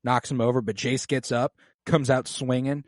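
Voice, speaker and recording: A man co-hosting a podcast, retelling scenes with animated, acted-out lines. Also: mid-range voice, normal speed, no room sound, studio quality. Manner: animated, acts out characters' lines. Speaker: podcast co-host. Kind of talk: casual episode breakdown.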